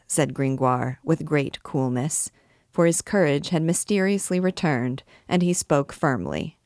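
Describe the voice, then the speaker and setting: A woman reads a classic novel aloud, measured and expressive. Her voice sits low for a woman, and the recording is dry and close with no room sound. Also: dry recording. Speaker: reader of a book.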